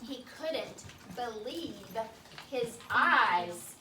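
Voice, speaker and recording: A woman teacher reading a picture book aloud to her class, patiently pausing to ask questions and explain words in simple terms. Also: on the high side, expressive, pushed and bright, slight background noise. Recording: echoey classroom from far off.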